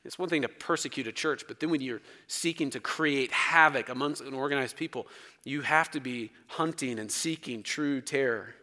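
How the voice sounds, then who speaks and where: A man's voice: mid-range voice, moderate pace. Emphatic male preacher in a reverberant hall. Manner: emphatic, dramatic swings in loudness. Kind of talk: sermon. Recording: long reverb of a large hall.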